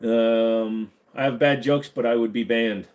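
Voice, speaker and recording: A man's voice: mid-range voice, steady tone, unhurried. A man in his thirties hosting a live stream, reading chat questions aloud and answering them in a loose, joking way. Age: 30s. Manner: loose, joking, swings between mumbled asides and loud hype.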